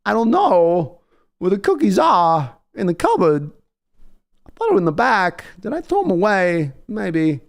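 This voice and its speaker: A quirky, halting voice of a man who cannot stop talking in a celebrity impression, pitched well above his normal register and delivered in odd, jerky phrases, as a host puts it on for laughs. The voice rings smooth and clear. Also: wildly swooping pitch, heavily acted. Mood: puzzled. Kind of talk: comic impression on a live stream.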